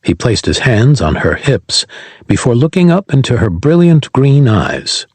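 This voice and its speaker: A man reads an audiobook with a husky, slightly breathy voice. His pitch rises and falls in an animated way, and the recording is close and dry with no room sound. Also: measured pace, no echo. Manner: voices every character himself. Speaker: audiobook narrator. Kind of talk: scripted audiobook narration.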